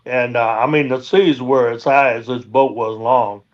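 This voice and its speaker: A man's voice: medium pitch, fairly even intonation, moderate pace, lo-fi sound. A man, a guest on a live stream, telling boat stories in a rambling way with many fillers. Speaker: guest, dredge boat owner. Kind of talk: casual storytelling.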